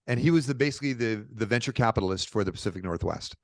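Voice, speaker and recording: A middle-aged man from Portland, Oregon, telling stories as a podcast guest in a lively, informal way. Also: fairly low pitch, very fast, hardly any pauses, no echo. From Portland, Oregon, USA. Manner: animated, informal, peppered with "dude" and "bro". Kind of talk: casual conversational storytelling.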